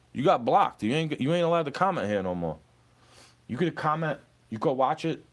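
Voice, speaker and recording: Profane young man ranting at a troll. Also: mid-range voice. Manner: profane, confrontational, repeats "bro". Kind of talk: angry rant at a commenter.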